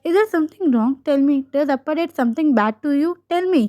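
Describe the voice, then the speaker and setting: A woman's voice: sits high, lively intonation, fast talker, dark tone, dry recording, voice pushed up. A woman voicing a protective younger sister who pleads urgently in a raised voice. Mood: pleading. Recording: dull lo-fi recording.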